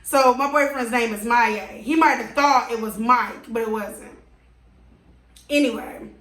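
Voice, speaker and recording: A woman vlogger telling an animated, exasperated story to her viewers. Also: a little high, moderate pace. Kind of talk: storytime vlog. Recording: roomy echo.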